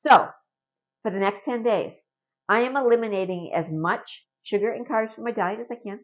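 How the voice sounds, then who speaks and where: A woman's voice: on the high side, normal speed, highs cut off. A middle-aged woman from Canada talking casually and earnestly to camera in a home vlog, often adding a rhetorical "right?". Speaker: vlogger.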